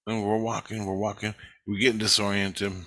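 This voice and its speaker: Guy rambling through a story, cusses a lot, lowish voice with a sharp edge, dry close sound. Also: flat delivery, fairly quick. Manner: rambling, profane, with frequent restarts. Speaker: vlogger recounting an astral travel experience. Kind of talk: casual storytelling.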